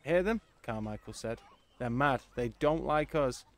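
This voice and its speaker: A man voicing a curt, gruff male ship commander. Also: medium pitch, animated, measured pace.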